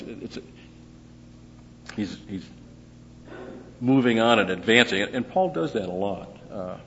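Male Bible teacher, low voice, conversational, questions then answers, dull recording with hall reverb. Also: slight background noise.

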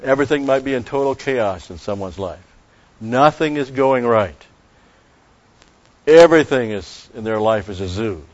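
A male preacher gives an expository Bible lesson in a mid-pitched voice. He is emphatic, repeats key phrases and draws out Greek terms slowly. The recording sounds dull and lo-fi. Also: animated, darkish tone.

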